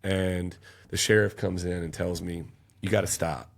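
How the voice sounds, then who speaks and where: A man's voice: low voice, fairly even intonation, moderate pace, vocal fry. A man, telling an intense, emotional personal story as a podcast guest. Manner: intense, emotional storytelling, raising his voice at peaks.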